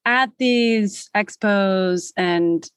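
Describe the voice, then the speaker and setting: A woman hosting an interview, chatty and quick to laugh. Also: medium pitch, no room sound, clean studio sound. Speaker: podcast host interviewer. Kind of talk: interview conversation.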